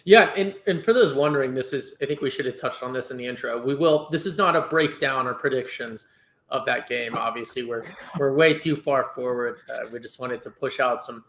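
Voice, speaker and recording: A man co-hosting a sports podcast, explaining things in a measured way with "uh" and "you know" fillers, a bit tired after a long day. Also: mid-range voice, a bit bright, a little hiss or hum. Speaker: podcast co-host. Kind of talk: casual sports podcast chat. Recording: roomy echo.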